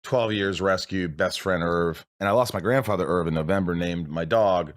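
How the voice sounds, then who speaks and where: Male podcast host, lower voice, direct and earnest, chatty. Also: moderate pace. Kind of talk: casual conversation.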